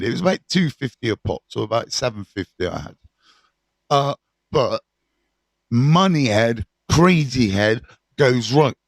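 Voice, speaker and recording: A man's voice: medium pitch, no echo. Candid man telling his story. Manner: candid, animated, swears freely, many fillers. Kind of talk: casual storytelling to camera.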